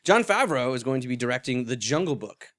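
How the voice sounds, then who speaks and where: A man's voice: mid-range voice, sing-song, brisk, a bit bright, slight background noise. A man co-hosting a casual movie podcast, joking around and laughing often. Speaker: podcast co-host.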